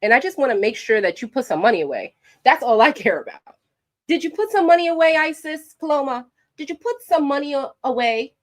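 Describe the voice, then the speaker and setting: A woman's voice: sits high, fairly quick. Sassy New woman giving her opinion. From New York. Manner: animated, sassy, direct address to viewers. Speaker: commentary vlogger. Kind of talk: opinionated commentary to camera.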